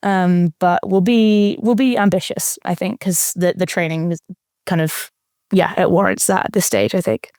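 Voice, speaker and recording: Woman, young adult, interview guest, low pitch, dry sound, thoughtful, fillers. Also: fairly even intonation, moderate pace, darkish tone, no room sound. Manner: thoughtful, frequent fillers and restarts. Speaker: interview guest, marathon runner. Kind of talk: casual interview talk.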